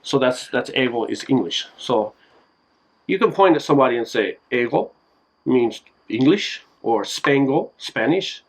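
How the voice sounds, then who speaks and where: A man with a gravelly, creaky voice walks viewers through basic phrases in a laid-back home video. He talks unhurriedly and fills pauses with "uh" and "like," as if chatting with family. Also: medium pitch, poor audio. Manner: relaxed, explains slowly with many fillers. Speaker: co-host explaining phrases. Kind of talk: casual home video lesson.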